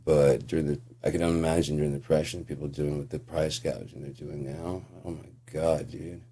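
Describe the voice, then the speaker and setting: Very deep-voiced ranting man, husky. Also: little pitch movement, a little fast, dark tone. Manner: profane, sarcastic, ranting. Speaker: channel host. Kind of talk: casual monologue rant.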